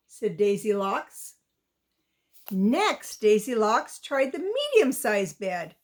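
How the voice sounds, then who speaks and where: Slow, lilting woman reading a children's story. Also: mid-range voice, very animated. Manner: slow, lilting, asks the young listener questions. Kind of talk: children's story read-aloud.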